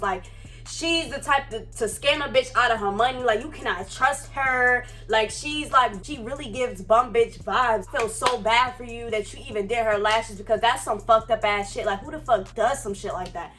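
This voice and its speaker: A young woman telling a storytime on her vlog, animated and profane, full of slang and fired-up asides. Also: on the high side, moderate pace, soft background music. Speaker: vlogger. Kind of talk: casual storytime. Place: Florida.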